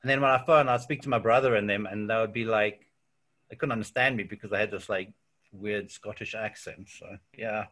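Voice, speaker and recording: South African man, bright easygoing voice. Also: fairly low pitch, a little fast. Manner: relaxed storytelling with frequent fillers and "yeah". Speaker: interview guest. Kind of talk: casual chat.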